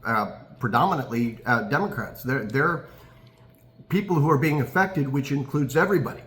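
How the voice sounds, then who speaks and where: A man co-hosting a casual political chat, speaking in a measured way with fillers and turning sarcastic. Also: medium pitch, a bit bright. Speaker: podcast co-host.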